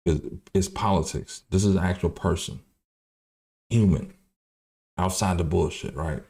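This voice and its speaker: A man's voice: low voice, a little slow, gravelly, mellow. A man in his thirties hosting a livestream, talking bluntly and profanely in rambling commentary. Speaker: livestream host.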